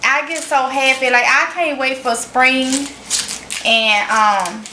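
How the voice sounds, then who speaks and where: Southern woman vlogger with a Mississippi accent, higher voice, unhurried folksy chat, echoey room. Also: fairly even intonation, background noise. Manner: chatty, folksy, addresses viewers as y'all. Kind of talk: casual cooking vlog.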